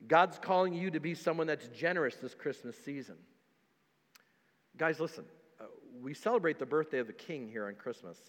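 A pastor preaching a sermon, emphatic and repetitive, dropping to quiet stretches between louder ones. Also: male voice, medium pitch, expressive, fairly quick, long reverb tail. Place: church sanctuary.

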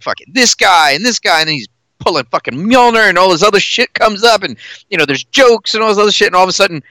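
A man co-hosting a podcast, telling stories excitably and swearing freely in casual chat. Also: fairly high pitch, no room sound. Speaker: podcast co-host.

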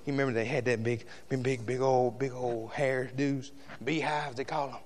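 A man preaching a sermon in a church with passion, shifting between loud shouts and hushed asides to the congregation. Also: mid-range voice, fairly even intonation, moderate pace, slight background noise.

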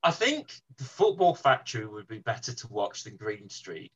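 Man, husky voice, lively pitch, casual podcast chat, hesitant. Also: moderate pace, muffled recording. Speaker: podcast co-host.

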